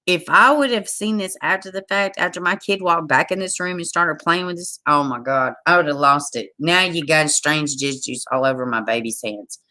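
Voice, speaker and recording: A woman's voice: low-pitched, normal speed, few pauses. Exasperated woman ranting to her live chat. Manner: exasperated, animated, talks straight to viewers; reads news stories aloud with her own asides. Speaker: livestream host. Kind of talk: casual news commentary to a live chat. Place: home.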